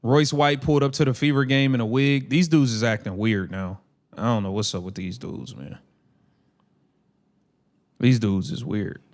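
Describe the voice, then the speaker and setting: A man's voice: medium pitch, steady tone, normal speed, pauses often. A man hosting a casual live watch-along stream, calling the plays and ranting in heated slang.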